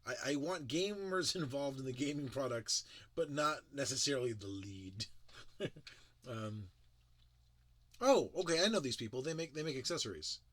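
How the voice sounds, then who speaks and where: A man's voice: medium pitch, lively intonation, normal speed, fairly bright tone, slightly rough. A man giving casual, critical commentary as a tech show reviewer, emphatic and sarcastic, with frequent restarts.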